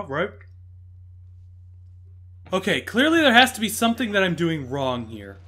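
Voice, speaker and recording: Excitable high-voiced gaming man. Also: a little slow, long pauses, slightly rough. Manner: excitable, loud exclamations and groans. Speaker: let's play host. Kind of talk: live gameplay commentary.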